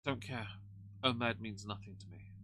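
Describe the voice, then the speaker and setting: A man's voice: lowish voice, moderate pace, pushed and bright, slight background noise. A man hosting a livestream, giving dry, snarky commentary on a clip. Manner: dry, snarky, dismissive asides.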